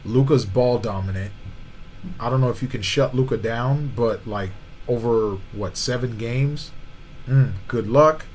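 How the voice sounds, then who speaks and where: A man's voice: medium pitch, measured pace, darkish tone, a little hiss or hum, poor audio. A man co-hosting a podcast, arguing about basketball in casual slang and often saying "you know what I'm saying". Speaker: podcast co-host. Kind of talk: casual sports debate.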